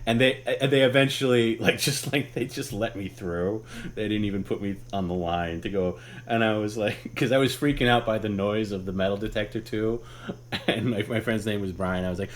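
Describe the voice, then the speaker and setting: A man's voice: lowish voice, brisk. A man hosting a live stream, telling a story casually, rambling and swearing as he goes. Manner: rambling, with many restarts and laughs. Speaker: host.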